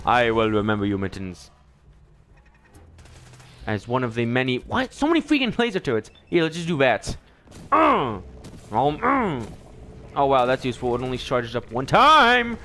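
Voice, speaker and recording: A man giving let's play commentary, excitable, often shrieking and laughing as he talks to the game. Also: on the high side. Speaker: gamer.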